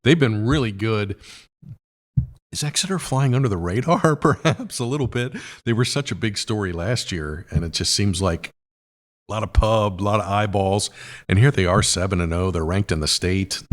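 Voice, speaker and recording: A man with a hoarse, raspy voice, hosting a casual sports podcast with quick picks, lots of fillers and exclamations of wow. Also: deep voice.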